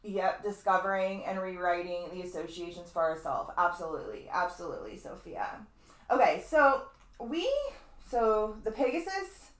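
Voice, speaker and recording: A woman's voice: medium pitch, roomy sound. A woman astrologer giving a casual, rambling lecture in a webinar, full of asides and the odd swear word. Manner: chatty, digressive, fond of asides and mild swearing.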